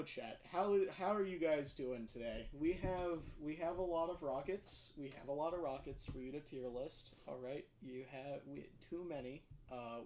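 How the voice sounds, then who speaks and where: A man hosting a casual livestream, rambling and self-deprecating with lots of fillers. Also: fairly high pitch. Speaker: livestream host.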